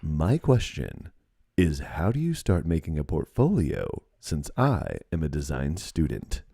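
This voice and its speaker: A man voicing an earnest young design student who reads out a question slowly and deliberately. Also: extremely low pitch, huge pitch swings, vocal fry, warm tone, slightly rough, voice pushed down, exaggerated voice.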